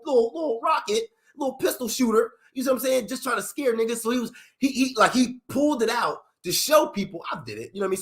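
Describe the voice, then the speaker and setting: A young man telling a street story in slangy, animated talk, acting out other people's lines in raised voices. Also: sits high. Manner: acts out others' lines in raised voices, slangy, fillers like "you know what I mean". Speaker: storyteller recounting his past.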